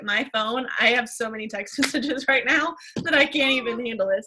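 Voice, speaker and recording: A woman's voice: fairly high pitch, bright, forceful tone. A woman hosting a group call, speaking in an effusive, grateful way. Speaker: host. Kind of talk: casual chat.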